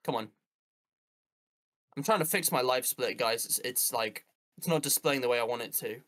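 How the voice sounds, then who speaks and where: A man's voice: medium pitch, normal speed, a bit bright. A teenage boy hosting a gameplay stream, chatting casually with a co-host and rambling with many fillers. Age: teens. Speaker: gaming channel host.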